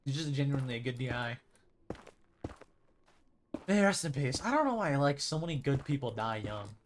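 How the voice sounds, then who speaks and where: Brisk and medium-pitched with big swings in pitch, a young man rambles through casual talk while playing a video game on stream. There's a little hiss or hum in the audio, and he sometimes shouts out loud imitations.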